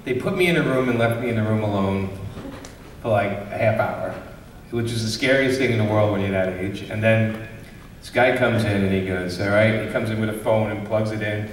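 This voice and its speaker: A man's voice: fairly low pitch, fairly quick. A man from Brooklyn spins a casual, laughing story for a live panel crowd and slips into voices for the people in it. He is picked up from well back in a big echoey hall with a long tail of reverb. Faint room noise sits under him. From Brooklyn, New York. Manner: animated anecdote-teller, acts out quoted voices, laughs often. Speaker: comics creator hosting a convention panel. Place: large convention panel room. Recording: echoey hall, distant mic.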